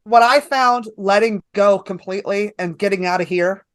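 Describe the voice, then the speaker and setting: A woman's voice: mid-range voice, moderate pace, dry recording. A woman stand-up comedian, a guest on a podcast, talking casually and telling stories with acted-out quotes. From New York. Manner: animated storytelling with acted-out quotes.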